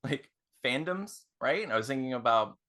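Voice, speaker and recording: A man's voice: mid-range voice, expressive, normal speed, bright, forceful tone. A man co-hosting a podcast in casual chat, rambling with many fillers and restarts. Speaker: podcast co-host.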